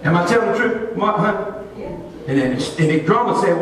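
A male pastor preaching a sermon, telling a folksy story in an animated way. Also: high voice, brisk, crowd noise. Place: church sanctuary. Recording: echoey church hall, distant mic.

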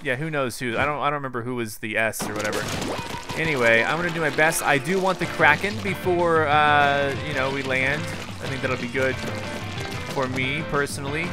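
A young man giving casual live commentary on his own gameplay, excitable and quick to break into loud frustration. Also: mid-range voice, over loud music. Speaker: gaming YouTuber.

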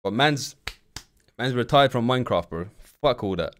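A man's voice: medium pitch, expressive, moderate pace, fairly bright tone, slight background noise. A young man streaming live, blunt and slangy, swearing freely as he chats with viewers. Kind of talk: casual live-stream commentary.

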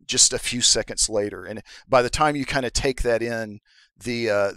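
A man narrating as the game master of a tabletop game, setting the scene in an improvised, halting way with many restarts. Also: on the low side, bright, forceful tone, clean tone, dry recording, low-quality recording.

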